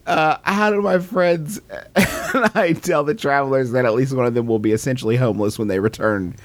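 A man's voice: mid-range voice, normal speed, no room sound. A man co-hosting a comedy podcast, reading questions and joking in a playful, mock-formal way. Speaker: podcast co-host. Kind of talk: casual comedic chat.

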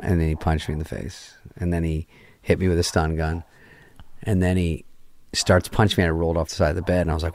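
A man's voice: deep voice, fast. A middle-aged man, a guest, telling a story in casual chat, swearing freely and acting out the lines of everyone in it. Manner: profane, animated, acts out quoted lines.

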